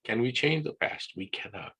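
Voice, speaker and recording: A man's voice: mid-range voice, moderate pace, husky. An older man giving a casual wellness presentation on a video call, checking in often with "right?". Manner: relaxed teaching talk with frequent "right?" checks. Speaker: wellness guest speaker. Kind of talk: casual presentation on an online class.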